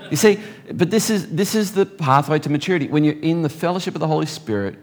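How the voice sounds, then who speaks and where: A man preaching a sermon, reading scripture slowly and deliberately and slipping in joking asides. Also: on the high side, expressive.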